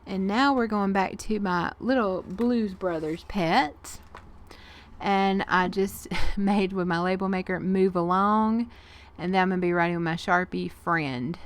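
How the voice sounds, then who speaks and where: A woman's voice: mid-range voice, fairly even intonation, a little slow. A woman, chatting folksily through her art journal pages as a craft vlogger and laughing often. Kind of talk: casual craft narration.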